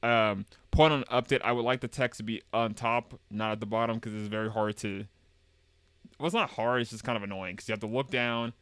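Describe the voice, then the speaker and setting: On the low side and steady, this man's voice is brisk, smooth, and fairly bright, with no room sound at all. While streaming a game, he chats loosely, voices the dialogue aloud, and cracks rambling, repetitive jokes.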